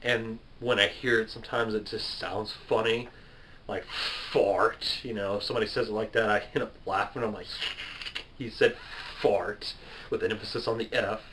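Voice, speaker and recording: Speaking briskly in a fairly low, pushed and bright voice with fairly even intonation, a twenty-something man who makes gaming videos fields viewer questions on camera. His casual, rambling answers are chatty and self-deprecating; he laughs at himself and wanders off topic. The poor audio carries a little hiss or hum.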